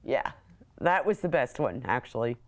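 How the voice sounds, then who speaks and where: A woman's voice: a bass voice, animated, moderate pace. A woman in a news feature interview, laughing easily as she recalls her husband's love notes. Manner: amused, laughs easily, reads notes aloud. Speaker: interviewee, wife.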